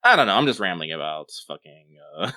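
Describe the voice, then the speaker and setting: A man in casual chat, rambling and animated, full of fillers and swearing as he talks about a tabletop game. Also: sits low, moderate pace, dry recording, clean studio sound. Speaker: podcast co-host.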